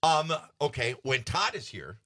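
A man's voice: medium pitch, big pitch swings, measured pace, a bit bright. A man hosting a morning radio show, joking around and poking fun at himself while bantering with his co-host in the studio. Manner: joking, self-deprecating, talks over others. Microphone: studio microphone.

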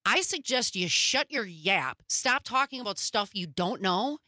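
A woman's voice: mid-range voice, expressive, unhurried, bright, forceful tone, no echo, clean studio sound. A woman panelist on a political talk show, heated and emphatic.

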